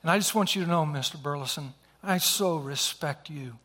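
A man's voice: on the high side, moderate pace, pushed and bright. Man doing a respectful young man. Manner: earnest and respectful. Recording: long hall reverb.

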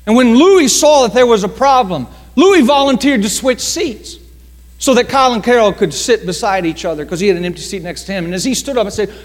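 A male pastor telling a story in a sermon, dramatic, slowing down for emphasis and acting out the voices of others. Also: high-pitched, expressive, long reverb tail. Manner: dramatic storytelling with slowed emphasis and acted quotes.

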